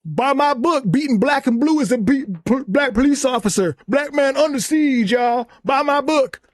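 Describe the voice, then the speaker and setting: A man's voice: very high-pitched, moderate pace, no room sound, clean studio sound, voice pushed up. A man putting on a mocking, whiny voice of a male commentator who keeps plugging his book. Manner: sarcastic, whiny, repetitive.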